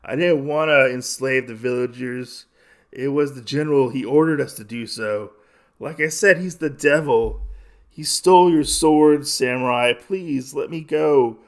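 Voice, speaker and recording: A man's voice: mid-range voice, a little slow, close to an everyday voice. A man voicing a cowardly male bandit who stammers and begs for his life. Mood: begging. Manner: pleading, stammering. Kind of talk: comic podcast recap.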